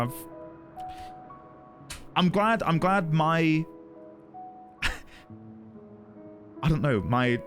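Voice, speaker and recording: A man streaming a game, rambling and flustered as he thanks his chat effusively. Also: mid-range voice.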